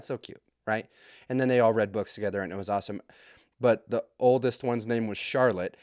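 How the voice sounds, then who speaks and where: A man hosting a podcast, telling a comedic story in a profane, rambling, joking way with quick asides. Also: fairly low pitch, a little mellow, dry recording, clean studio sound. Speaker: podcast host.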